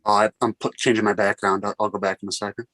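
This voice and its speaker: A man chatting as a guest on a livestream, tossing in quick joking remarks. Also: lowish voice, flat delivery, a bit bright. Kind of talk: casual chat.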